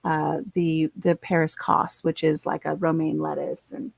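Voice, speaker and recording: A woman's voice: low voice, fairly even intonation, a little slow, gravelly, no room sound, low-quality recording. A middle-aged woman, chatting casually and rambling with her viewers as host of her channel. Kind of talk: casual livestream chat.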